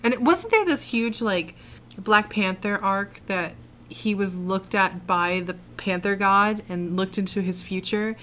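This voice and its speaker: A woman co-hosting a casual podcast about a movie, giggly, animated and playfully indignant. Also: mid-range voice, measured pace, a little hiss or hum. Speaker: co-host.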